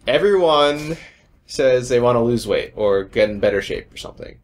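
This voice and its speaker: A man's voice: medium pitch, expressive, moderate pace. Chatty young man hosting a podcast. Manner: chatty, joking, wanders off on tangents. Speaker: podcast host. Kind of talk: casual chat.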